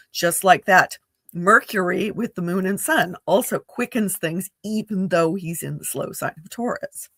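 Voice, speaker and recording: A woman's voice: mid-range voice, a bit bright, no echo. A woman astrologer giving a casual spoken forecast, chatty and full of fillers, often laughing and acting out playful quoted voices.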